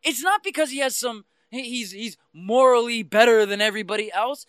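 A man's voice: extremely high pitch, brisk, a bit bright, clean tone, no echo. A man in a casual podcast chat, ranting passionately and animatedly about comics. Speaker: podcast co-host.

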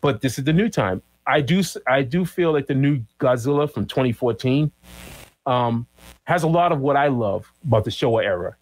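A middle-aged man chatting as a podcast guest, telling stories with lively acted-out quotes and cries. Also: medium pitch, low-quality recording. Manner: animated storyteller who acts out quotes and monster cries. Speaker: guest comic artist. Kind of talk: casual podcast chat.

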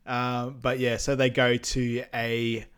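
A man's voice: medium pitch, completely flat delivery, takes it slowly, fairly bright tone, clear, resonant tone. A man co-hosting a podcast, chatting casually about a film with an easygoing, agreeable manner. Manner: easygoing, agreeable, lots of fillers. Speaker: podcast co-host. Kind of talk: casual movie recap chat.

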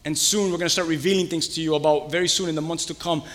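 Male pastor, bright high voice, lively call-and-response sermon, church hall echo. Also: racing. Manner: animated, conversational preaching with call-and-response questions.

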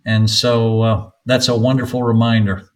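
An older man from North Carolina, a soccer coach guest on a podcast, telling long anecdotes with frequent pauses. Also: mid-range voice, little pitch movement, low-quality recording. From North Carolina, USA. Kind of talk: podcast interview storytelling.

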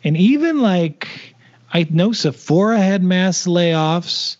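A man's voice: high-pitched, expressive, slow, a little mellow. A man co-hosting a podcast, teasing and stubbornly holding his line in casual chat. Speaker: podcast co-host. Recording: dull lo-fi podcast audio.

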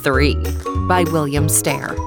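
A woman reading a children's storybook aloud in a calm, gentle manner. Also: sits low, slow pace, loud music behind the voice. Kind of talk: storybook narration.

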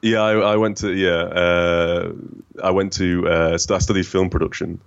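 A man with a rich, smooth voice and a faint northern English accent, chatting casually as a guest with lots of restarts and self-deprecating asides. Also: deep voice, level tone, moderate pace, lo-fi sound. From northern England. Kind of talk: casual conversation.

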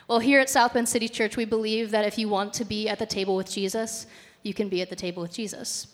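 A woman leading a church service, talking in a chatty way with fillers. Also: mid-range voice. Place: church hall. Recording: reverberant church hall.

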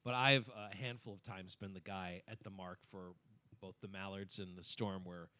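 A man hosting a comedy podcast, telling a story in a casual, animated way. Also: sits low, moderate pace. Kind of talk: casual chat.

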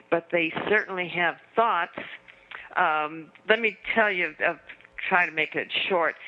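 A woman's voice: fairly low pitch, muffled recording. An older woman, a guest author, telling stories earnestly in a conversation. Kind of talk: storytelling in a conversation.

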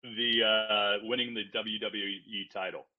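A man's voice: on the low side, fairly even intonation, a little slow, narrow, tinny audio. A man co-hosting an interview, speaking hesitantly with many fillers. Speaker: interview co-host. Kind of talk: casual interview.

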